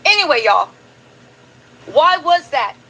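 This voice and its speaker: A woman's voice: sits high, big pitch swings, takes it slowly, pushed and bright, a little hiss or hum, rough recording. A woman hosting a live stream, chatting casually and animatedly to her viewers about news clips. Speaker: commentary host.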